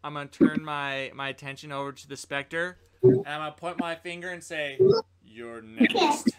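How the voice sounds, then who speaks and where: A man's voice: fairly high pitch, lively intonation, a little fast, a crowd in the background. Playful man at the gaming table. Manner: playful, talks through his character's actions. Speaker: player. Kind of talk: casual tabletop play.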